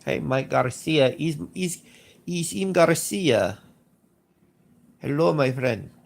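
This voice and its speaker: This livestream host has a somewhat high, expressive voice with vocal fry, and he takes his time, though his sinuses are clearly blocked. Chatting casually and reading chat, he rambles, repeats himself, and offers blunt takes.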